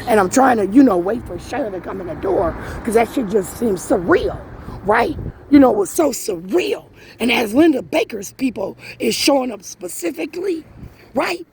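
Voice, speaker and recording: A woman ranting about her family in a rambling, agitated way, swearing heavily, her voice climbing higher as she gets angrier. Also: sing-song, normal speed, creaky, rough recording. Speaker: vlogger. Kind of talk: emotional personal rant. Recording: loud vehicle noise behind.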